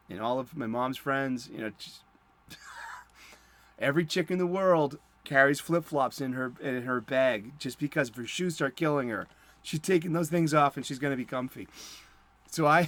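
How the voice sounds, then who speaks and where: Comics host dude, middle-aged, rambly, lots of ums and laughs. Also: male voice, medium pitch, fairly bright tone. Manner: chatty, chuckling, lots of fillers and restarts. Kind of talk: casual rambling monologue.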